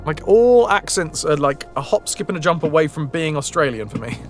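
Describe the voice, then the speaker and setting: A man's voice: a little high, sing-song, normal speed, soft background music. A man streaming a video game, chatting casually with his viewers, reading their messages aloud and swearing freely. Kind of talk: casual live-stream chat.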